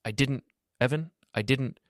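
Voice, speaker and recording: A man's voice: mid-range voice, measured pace, no echo, studio quality, voice pushed up, close to an everyday voice. A man voicing a frantic, tearful young wife. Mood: pleading. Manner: frantic, cracking, pleading.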